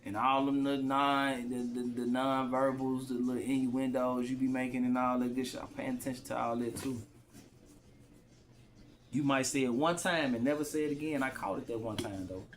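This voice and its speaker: A man's voice: mid-range voice, steady tone, moderate pace, slight background noise. A man vlogging straight to his phone in loose, rambling slang, often repeating himself. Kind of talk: casual rambling monologue to camera.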